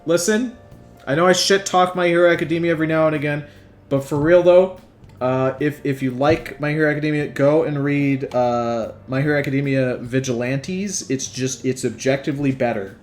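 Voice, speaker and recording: A man's voice: medium pitch, fairly even intonation, moderate pace. A man playing a game and talking over it with crude jokes and lots of swearing. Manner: crude, joking, swears a lot. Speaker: let's player. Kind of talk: gaming commentary.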